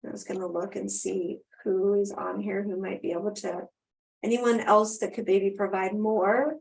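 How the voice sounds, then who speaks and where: A woman's voice: medium pitch, steady tone, normal speed, vocal fry, darkish tone. A woman presenting a live webinar over a video call, answering questions and wrapping up in a conversational way with frequent ums.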